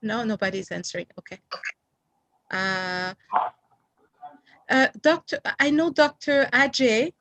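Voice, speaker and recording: A woman's voice: a little high, animated, slow pace, pauses often, a bit bright, no room sound. A woman with a French accent, a native French speaker, hosting an online memorial gathering and carefully checking how to say guests' names. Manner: careful about pronouncing names, apologetic. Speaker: event host. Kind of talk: casual online meeting chat. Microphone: video call.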